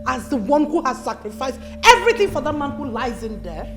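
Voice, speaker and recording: An actress playing the firm, defiant wife of a sick chief. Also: female voice, high voice, big pitch swings, fairly quick. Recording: echoey room with loud music underneath.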